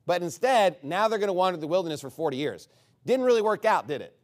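A man pastor preaching a sermon, animated and sarcastic, firing off rhetorical questions to his congregation. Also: sits high, quick pace.

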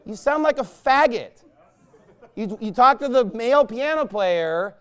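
A pastor preaching from the pulpit, a man with a high voice for a man and a smooth, resonant tone. He talks in a blunt, emphatic way that turns scornful. He breaks into loud bursts. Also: lively intonation, a little slow. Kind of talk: sermon.

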